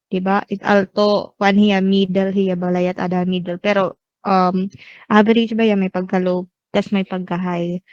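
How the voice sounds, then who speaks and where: A young woman with a Waray Filipino accent teaches a class over a video call, moving between English and Waray. She keeps her pitch fairly level and often stops to question her students. The sound is dull and dry, from a laptop mic. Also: level tone, normal speed, darkish tone, clean tone, no echo. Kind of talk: online class lecture.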